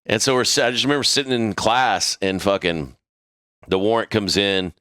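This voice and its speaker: A man's voice: fairly low pitch, normal speed, sharp tone, smooth, dry recording, studio quality. A middle-aged man telling a story in casual, profanity-laced chat, acting out the voices of the people in it. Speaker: podcast crew member telling a story.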